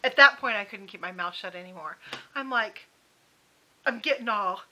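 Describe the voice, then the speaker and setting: A middle-aged woman telling a comic story in an animated, exasperated, wisecracking way. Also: mid-range voice, moderate pace, background noise. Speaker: vlogger. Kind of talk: comedic storytelling.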